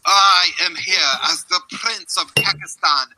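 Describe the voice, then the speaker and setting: A man's voice: high-pitched, a little slow, noisy background. A man voicing a self-proclaimed prince of a made-up meme nation, making grandiose proclamations in a comic invented foreign accent. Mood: mock tragic. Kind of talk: comic video monologue.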